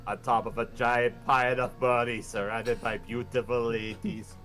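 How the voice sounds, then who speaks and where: A man's voice: mid-range voice, level tone, normal speed, fairly bright tone, faint music behind. A man among players in a casual chat, making dry joking asides.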